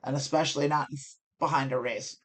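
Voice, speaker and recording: A woman's voice: low-pitched, fairly even intonation, quick pace, husky. An American woman streaming online poker, explaining her decisions as she thinks aloud and corrects herself. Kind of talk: live-stream strategy commentary.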